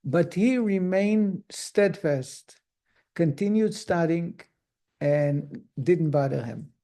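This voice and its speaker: A man's voice: on the high side, animated, slow, dark tone. A middle-aged man, a rabbi, giving a conversational lesson to a class, telling stories and putting questions to his listeners. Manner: storytelling, asks the audience questions.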